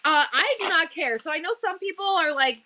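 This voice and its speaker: A bubbly, talkative middle-aged woman hosts an online auction stream and keeps up a running chat with her viewers. Her voice sits high and sounds bright and forceful, with a little faint noise underneath. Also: lively intonation. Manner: bubbly, chatty, with quick asides to chat.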